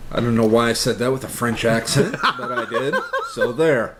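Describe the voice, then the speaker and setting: A man's voice: medium pitch, normal speed, hardly any pauses, background noise. A man co-hosting a casual comedy news podcast, reading out odd stories and joking along. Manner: reads news items aloud between jokes. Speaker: podcast co-host.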